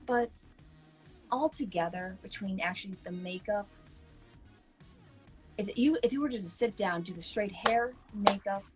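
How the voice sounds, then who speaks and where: A woman co-hosts a casual online chat, spinning stories with lively ups and downs. She slips into voices for the people she quotes. Faint music sits behind her. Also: medium pitch, a little slow, long pauses, low-quality recording. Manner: animated storyteller who acts out quoted voices. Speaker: co-host.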